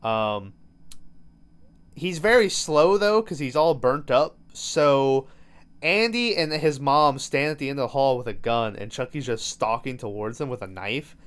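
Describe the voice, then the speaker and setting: A man's voice: medium pitch, expressive, measured pace, smooth. A man hosting a podcast, recapping a movie in loose, profane storytelling full of "um" and "like". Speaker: podcast host.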